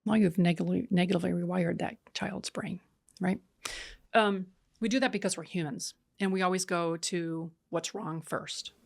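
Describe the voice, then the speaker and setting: Animated woman telling a coaching story. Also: fairly low pitch, moderate pace, gravelly. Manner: animated storyteller who acts out quoted dialogue; emphatic lists and repeated "right?". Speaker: podcast guest, leadership coach. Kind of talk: conversational podcast interview.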